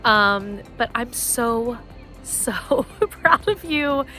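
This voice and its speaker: A woman recording a tender, emotional message of congratulations to a friend, repeating herself warmly. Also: a little high, expressive, very slow, faint music behind.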